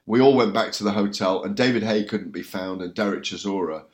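A boxing journalist in a documentary interview, telling events in a vivid, descriptive way. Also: male voice, on the low side, a little fast.

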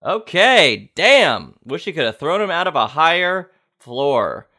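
A male podcast host reads a list aloud in a casual, offhand way, breaking off to react with disbelief and the odd curse. His voice sits a little high and bright. His pitch swings widely as he talks. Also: big pitch swings, measured pace. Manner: incredulous, swears and reacts loudly.

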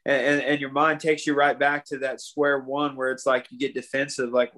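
A man's voice: medium pitch, flat delivery, normal speed, few pauses, sharp tone. A man in his thirties with an ordinary mid-range voice, talking openly on a podcast. He restarts his sentences often and peppers them with "man" and "you know.". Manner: heartfelt and confessional, with many restarts. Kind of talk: casual podcast conversation.

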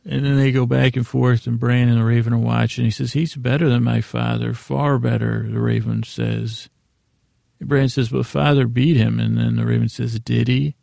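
Gravelly low-key man recapping a show. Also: little pitch movement, moderate pace, mellow, dry recording, clean studio sound. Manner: rambling, paraphrases scenes loosely with fillers. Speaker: podcast host recapping an episode. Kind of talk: casual episode recap.

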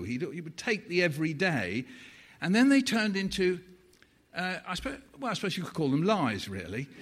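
A man's voice: a little high, a bit bright. A man in his seventies giving a playful live storytelling talk, slipping into voices for the people he quotes. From Britain. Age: 70s. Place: stage in a large hall. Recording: long hall reverb.

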